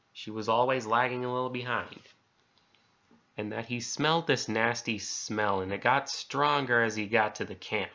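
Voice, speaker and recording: A man reads a horror story aloud in a casual, conversational way, censoring himself by swapping swear words for letters and euphemisms. His voice is fairly low but bright, with a forceful tone, and the audio sounds dull.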